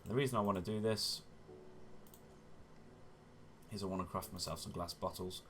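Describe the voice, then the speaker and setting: A man with a low-pitched voice talks through his gameplay in a chatty, relaxed way, explaining each step. He often corrects himself mid-sentence and keeps up an easygoing commentary. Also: fast talker, a little hiss or hum. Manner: chatty, self-correcting, often says "wonderful". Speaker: gaming channel host.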